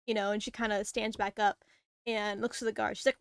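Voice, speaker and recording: Woman DM, rambling narrator full of fillers, bright-pitched, dry mic. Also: level tone, quick pace, vocal fry, dry recording. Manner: rambling, filler-heavy storytelling with acted-out snippets. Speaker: dungeon master. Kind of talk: narrating a tabletop game.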